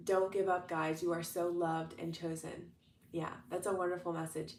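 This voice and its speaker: A woman's voice: fairly low pitch, level tone, moderate pace, darkish tone, slight background noise. A young adult woman talking casually as a manifestation coach on a livestream, upbeat and chatty, with lots of fillers and restarts. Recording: roomy echo, distant from the mic.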